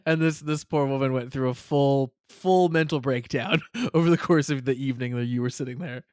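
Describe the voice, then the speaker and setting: A man's voice: mid-range voice, a little fast, a little mellow, clean tone, no echo, clean studio sound. A man co-hosting a podcast in casual chat, a supportive listener who chuckles and rambles through his remarks. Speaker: podcast co-host.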